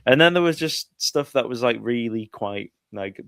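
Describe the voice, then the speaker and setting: A man's voice: medium pitch, animated, moderate pace, vocal fry, fairly bright tone, no room sound. A man on a podcast telling a rambling film story full of fillers and little laughs. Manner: chatty, filler-heavy, giggly. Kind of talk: casual chat.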